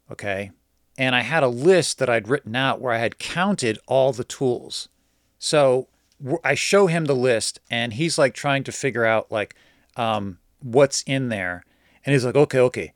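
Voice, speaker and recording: A man's voice: mid-range voice, no echo, clean studio sound. A man telling a story casually and with energy, acting out the lines of the people in it. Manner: animated, acts out quoted dialogue.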